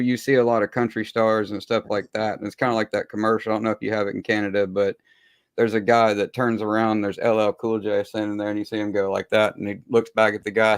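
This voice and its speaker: A man's voice: fairly low pitch, smooth, no room sound. A man hosting a podcast, talking in a rambling, laid-back way and swearing freely. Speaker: podcast host. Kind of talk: casual interview chat.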